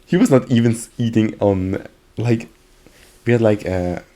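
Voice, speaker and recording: A man with a somewhat low voice co-hosts a casual podcast. He tells his stories loosely, stopping often for fillers and breaking into laughs. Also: normal speed, dark tone. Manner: laughing, storytelling with many fillers. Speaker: podcast co-host. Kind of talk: casual chat.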